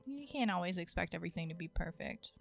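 A woman in casual chat with a friend, relaxed and talkative, laughing often. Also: on the low side, quick pace, creaky, faint music behind.

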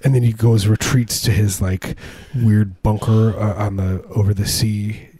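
A man's voice: on the low side, fairly even intonation, unhurried, mellow, husky. A man co-hosting a podcast, riffing through rambling, jokey casual chat full of restarts. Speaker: podcast co-host.

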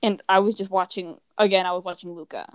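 A woman's voice: on the low side, steady tone, quick pace, clear, resonant tone, dry recording. A teenage girl from the United States telling casual travel stories, rambling and leaning on "like" while acting out what people said. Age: teens. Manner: rambling, heavy use of "like", acts out quoted people. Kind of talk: casual chat.

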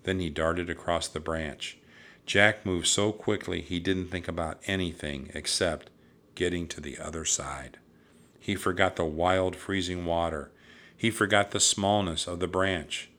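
A man reads a children's storybook aloud with a deep, low voice and an unhurried pace. His tone is bright and crisp, steady and even as he tells the tale. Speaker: narrator.

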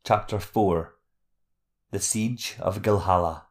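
A man reads a fantasy novel aloud as its narrator. His voice sits a touch low and has a rough, gravelly texture. The reading is steady and measured, with even pacing throughout.

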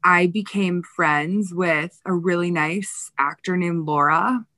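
A woman's voice: on the low side, slow pace, sharp tone, no room sound. A woman telling backstage stories in a casual interview, chatty and full of fillers, getting emotional. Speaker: Broadway dresser.

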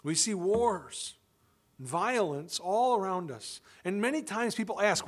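High-voiced man preaching emphatically. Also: lively intonation, unhurried. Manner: emphatic, asking rhetorical questions. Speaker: pastor; father of children. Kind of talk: sermon.

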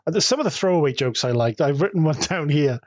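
A man's voice: a little high, lively intonation, quick pace, dry recording, dull audio. A man co-hosting a podcast in casual chat, hesitant and full of fillers, laughing often. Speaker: podcast co-host.

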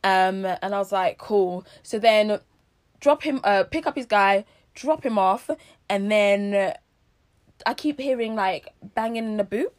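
A woman's voice: mid-range voice, measured pace. A young woman casually telling a story, acting out what people said and laughing often. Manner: animated storyteller, acts out quotes, laughs often.

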